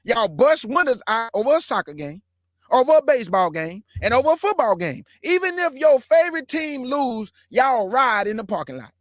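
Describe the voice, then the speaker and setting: A man's voice: very high-pitched, very animated, moderate pace, dry recording, studio quality. A man hosting his own show, talking straight to viewers in an earnest, impassioned monologue and calling them family and brother. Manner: earnest, addresses listeners as family and bruh; grows heated and emphatic. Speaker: show host.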